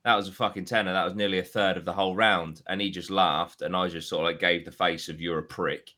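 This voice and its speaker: Bright-voiced swearing man. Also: low-pitched, quick pace. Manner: animated, swearing storyteller. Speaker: podcast co-host. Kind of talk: casual chat.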